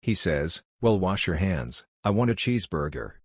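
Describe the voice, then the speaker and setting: A man reading a string of jokes aloud in a dry, deadpan way. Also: sits low, normal speed, husky, dry recording. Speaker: joke narrator.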